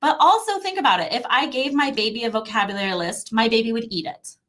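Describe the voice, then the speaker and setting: Lively woman, bright and animated. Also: a little high, fast talker. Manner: animated, acts out parent and baby voices. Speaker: language learning guest. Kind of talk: casual conversational advice.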